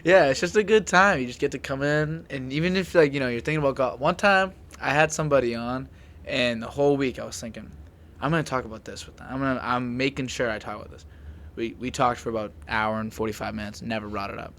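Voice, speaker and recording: A man's voice: medium pitch, fast, fairly bright tone, a little hiss or hum. A young man hosting a podcast in casual chat, rambling with lots of "like" fillers. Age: young adult. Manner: rambling, filler-heavy with frequent "like". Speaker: podcast host.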